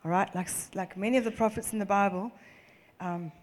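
A woman preaching a sermon, reading scripture aloud and commenting on it in an animated way, laughing often and repeating phrases for emphasis. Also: mid-range voice, fairly quick, big-room sound.

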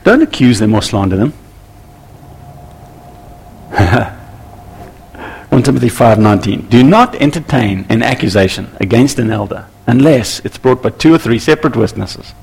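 Gravelly husky male preacher. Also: medium pitch, normal speed, pauses often. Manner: animated, acts out little scenes with voices. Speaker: pastor. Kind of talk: sermon.

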